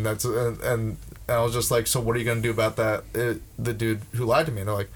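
A man's voice: medium pitch, steady tone, fast. A young man in casual podcast chat, ranting with heavy swearing and frequent restarts. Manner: profane, ranting, with many restarts.

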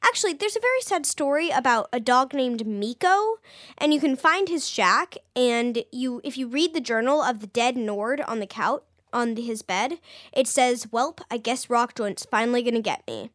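A woman's voice: sits high, animated, normal speed, fairly bright tone, no room sound, studio quality. A young woman co-hosting a podcast in casual chat, bubbly and rambling with giggles. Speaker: podcast co-host.

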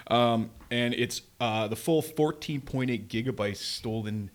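A man with a mid-range voice talks a little slowly as he co-hosts a podcast. The conversation is casual and wandering, full of fillers and frequent chuckles.

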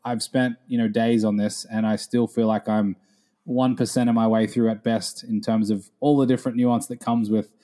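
A man in his thirties answering interview questions as a guest, speaking in a measured, articulate way. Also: lowish voice, little pitch movement, mellow. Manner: measured, articulate with some fillers. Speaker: guest, gaming attorney. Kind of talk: casual interview.

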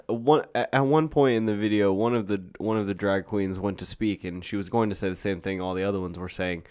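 A man's voice: lowish voice, steady tone, fairly quick, darkish tone, clean tone. A young man co-hosting a podcast, talking casually in a rambling way with many restarts and laughs. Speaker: podcast co-host. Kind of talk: casual chat.

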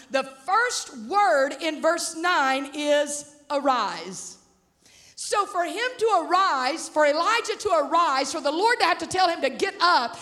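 A woman preacher with a very high, bright voice delivers an animated sermon. She acts out the voices in her story and calls out to the listeners. Her voice rings through a hall with a long echo. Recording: reverberant hall.

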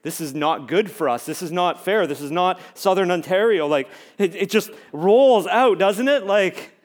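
A pastor delivers a sermon in a high-pitched voice at a moderate pace, speaking conversationally. He builds to emphatic, repeated lines, then drops to hushed near-whispers.

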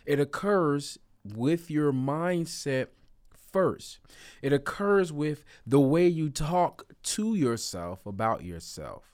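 A man's voice: fairly high pitch, expressive, takes it slowly, a little mellow, smooth. Earnest man giving self-help advice. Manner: earnest, repeats key phrases, stretches words for emphasis. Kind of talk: motivational talk to camera.

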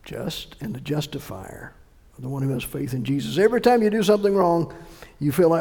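A male pastor with a high, gravelly voice delivers an emphatic sermon. He swings between forceful bursts and hushed asides. A long hall reverb trails each phrase. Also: big pitch swings, brisk. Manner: emphatic preaching with sudden shifts between loud and hushed delivery.

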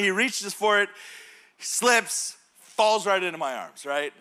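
Pastor guy in his 30s telling a story in his sermon, high voice, really lively ups and downs. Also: slow. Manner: animated, self-laughing storyteller.

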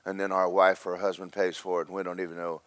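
A man preaching a sermon as pastor, swinging from slow loud emphasis to quick quiet asides. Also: low-pitched, level tone, no echo.

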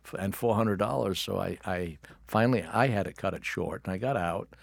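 A very low-pitched older man tells wry, animated anecdotes as a studio guest. His voice is recorded dry and close, with no room sound at all. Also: brisk, creaky, dry recording. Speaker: guest, actor and author. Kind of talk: storytelling in a studio interview. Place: radio studio.

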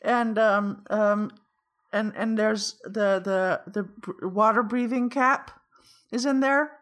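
A woman playing a tabletop game, describing her actions in a chatty, halting way. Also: medium pitch, steady tone, a bit bright. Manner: chatty and halting, with many ums. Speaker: player. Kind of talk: casual tabletop play.

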